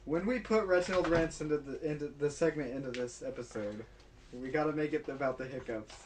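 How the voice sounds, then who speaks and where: A man co-hosting a casual podcast about his own animated series, laughing often between quick remarks. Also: on the high side. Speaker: podcast co-host and series creator. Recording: distant mic with clear background noise.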